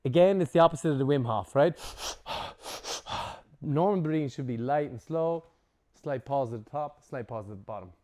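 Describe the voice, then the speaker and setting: A man teaching a breathwork workshop to a group, casual and lively, swearing now and then and acting out examples. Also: fairly high pitch, moderate pace. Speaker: breathwork instructor.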